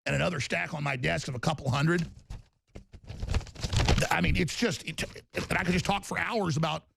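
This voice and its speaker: A man's voice: on the high side, steady tone, normal speed, noisy background. A man hosting a political talk radio show, ranting in a long monologue and mocking opponents in put-on voices. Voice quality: gravelly.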